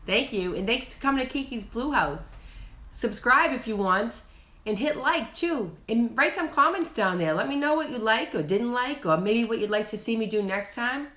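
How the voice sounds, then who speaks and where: A woman hosting a children's show, gently teaching letter sounds and encouraging the kids watching. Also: a little high, animated. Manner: slow, gentle and encouraging, speaks directly to kids. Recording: roomy echo.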